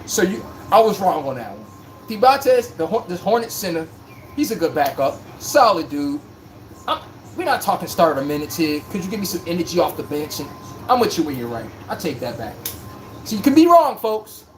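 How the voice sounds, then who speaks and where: This livestream sports podcast host has a fairly high pitch with big swings and speaks a little fast, with slight background noise. His casual live-stream chat is joking, rambling, and full of slang.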